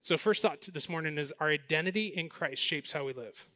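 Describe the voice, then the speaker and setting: High-voiced animated male preacher. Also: no echo. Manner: animated storytelling, then slows and softens for the message. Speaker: pastor. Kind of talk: sermon.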